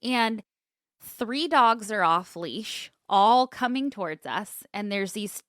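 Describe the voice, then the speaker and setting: Bright, lively woman telling stories. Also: medium pitch, slow pace, no echo, studio quality. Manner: animated storytelling, swears freely, acts out quotes. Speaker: podcast co-host. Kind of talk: casual chat.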